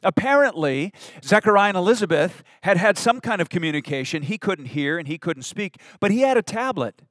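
A male pastor preaching a sermon, expressive, with rising emphasis and humorous asides. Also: sits high, a little fast, no echo, studio quality.

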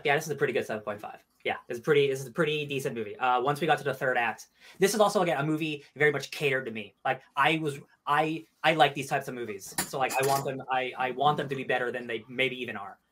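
A man co-hosting a casual podcast chat, rattling along at a quick clip. He sounds eager and tends to repeat words as he goes. His pitch sits in a middle range. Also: a bit bright. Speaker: podcast co-host.

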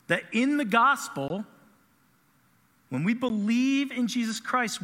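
A man in his thirties preaches with an animated, conversational delivery. His voice sits high and sounds bright and forceful. It rings out with the long reverb of a large hall. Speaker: pastor. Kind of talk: sermon.

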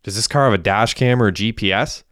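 Sarge, an anxious accomplice, read by a narrator. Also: male voice, fairly low pitch, fast talker, fairly bright tone, no echo, clean studio sound, natural voice. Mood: frantic. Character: anxious young man called Sarge, cleaning up a crime. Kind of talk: audiobook character voice.

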